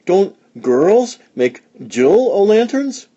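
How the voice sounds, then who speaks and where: A man voicing a naive, excitable male moose in a storybook read-along, speaking in a high, squealing voice. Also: takes it slowly, heavily acted. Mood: curious. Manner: squealing high voice, wide-eyed and eager. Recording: dull lo-fi recording.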